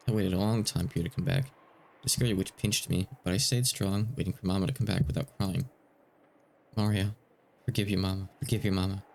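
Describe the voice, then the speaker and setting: A man's voice: on the low side, gravelly, a little mellow, a little hiss or hum. A man voicing a small, stubborn little girl in a game read-aloud, talking in a childlike sing-song way.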